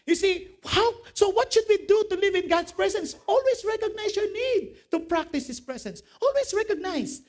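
A male pastor preaching a sermon in a very high voice. He quotes scripture, asks the congregation questions, and laughs along with his own jokes. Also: expressive, normal speed, hardly any pauses.

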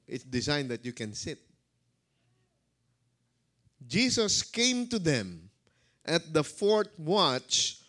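A man preaching a sermon at an unhurried pace, his voice sitting a little high. He moves his pitch around with a lot of life. He swings from loud calls to hushed, quiet words. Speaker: pastor.

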